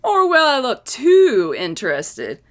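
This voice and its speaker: A woman voicing a sarcastic, imaginative six-year-old boy in a high, excitable reading voice. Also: slow pace, heavily acted. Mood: scheming.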